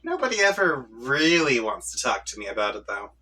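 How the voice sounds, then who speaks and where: A man gives voice to a prickly young troll leader from a webcomic who rants and lectures. His pitch moves in a lively way, and his tone is bright with some husk. He sounds set back from the mic. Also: brisk, recorded from a distance, poor audio. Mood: ranting. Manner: prickly, ranting. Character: irritable shouty young male troll leader.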